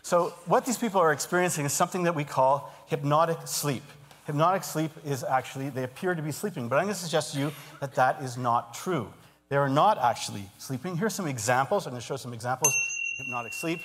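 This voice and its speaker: A man giving a live stage talk as a hypnotist, moving between calm trance suggestions and lively explaining to an audience. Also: on the high side, fairly quick. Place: large auditorium stage. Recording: long hall reverb.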